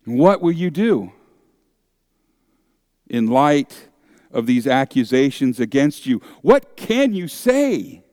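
Slow, clear-voiced preaching man. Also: medium pitch, very animated, a little mellow, no room sound, studio quality. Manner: dramatic, acts out objectors' voices. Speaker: pastor. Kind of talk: sermon.

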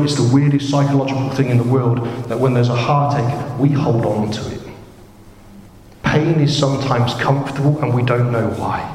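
A man in his thirties preaching a sermon, chatty and jokey, with sudden excited rises. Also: medium pitch, a little hiss or hum. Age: 30s. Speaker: pastor. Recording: echoey hall, faint room ambience.

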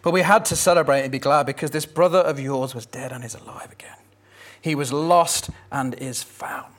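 A man voicing a gentle, loving father who pleads with his son, in a sermon retelling. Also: medium pitch, moderate pace, close to an everyday voice.

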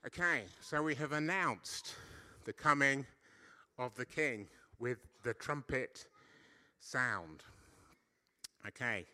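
Man preaching, middle-aged, very bright tone, chatty, playful, questions to the congregation. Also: mid-range voice, slow, long pauses. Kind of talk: lively church sermon. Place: church service.

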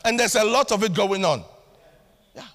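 Animated high-voiced male preacher. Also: moderate pace. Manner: animated, acts out family scenes with voices. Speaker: pastor. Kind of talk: sermon. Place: church hall. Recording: long hall reverb.

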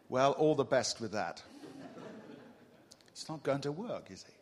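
A male preacher giving a sermon to a congregation in a church, animated and humorous, teasing the room with rhetorical questions. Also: fairly high pitch, moderate pace, pauses often. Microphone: mic on a stage.

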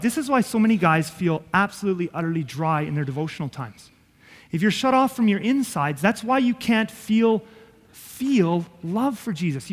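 A man's voice: high voice, fairly bright tone, big-room sound. A man preaching a sermon as pastor, earnest and conversational, with self-deprecating asides.

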